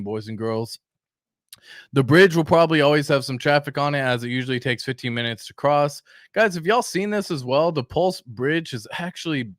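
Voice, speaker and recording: A man's voice: fairly high pitch, a bit bright, no echo, clean studio sound. A young man hosting a casual crypto livestream, hyped and slangy, greeting viewers by name.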